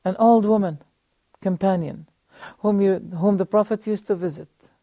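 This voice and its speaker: Earnest male preacher with mellow voice. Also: sits high, no echo. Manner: earnest, measured, with pauses and rhetorical questions; addresses the audience directly. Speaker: religious teacher and TV presenter. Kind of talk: religious lesson with storytelling. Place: TV studio.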